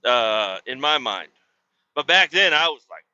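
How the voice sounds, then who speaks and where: A man's voice: fairly high pitch, wildly swooping pitch, slow pace, pushed and bright, no room sound, highs cut off. A man hosting a podcast, telling a rambling, crude story in casual chat with lots of swearing. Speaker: podcast host.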